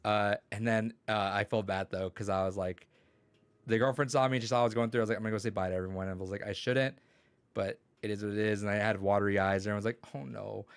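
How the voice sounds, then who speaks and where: A man's voice: fairly low pitch, fairly even intonation, fast, clear, resonant tone, dry recording. A young man chatting casually on a podcast, telling rambling stories full of swearing and quoted dialogue. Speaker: podcast co-host and teacher. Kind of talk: casual chat.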